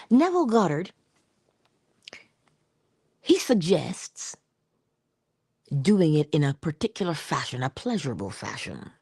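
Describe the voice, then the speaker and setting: A middle-aged woman giving an inspirational spiritual talk in a conversational, expressive way, slipping into little acted-out quotes. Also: low voice, creaky, husky, no room sound, studio quality. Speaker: inspirational speaker.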